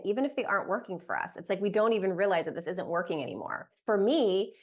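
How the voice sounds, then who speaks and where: A woman and mother coaching parents on toddler sleep, talking casually to camera with lots of "like" fillers. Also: mid-range voice. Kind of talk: direct-to-camera parenting tips.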